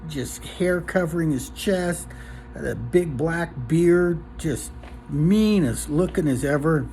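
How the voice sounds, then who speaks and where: A man telling a long joke in a relaxed, casual way, with lots of ums and uhs. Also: fairly high pitch, slight background noise. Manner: relaxed, filler-heavy storytelling.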